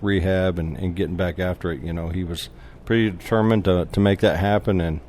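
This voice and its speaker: A man with a fairly low voice talks casually as a podcast guest. He tells his story with animation and frequent laughter, restarting sentences and voicing the people in it. A faint hiss sits under his voice. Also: steady tone, brisk, darkish tone. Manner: acts out quoted dialogue.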